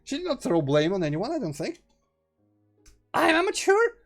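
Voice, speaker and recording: A man's voice: high voice, sing-song, fast talker, mellow, faint music behind. A young man streaming a visual novel, reading the narration aloud and muttering casual asides.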